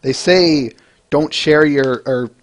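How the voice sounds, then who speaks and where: A man's voice: on the high side, slow. A man hosting a casual review podcast, rambling with frequent restarts and answering listeners by name between points. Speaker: podcast host.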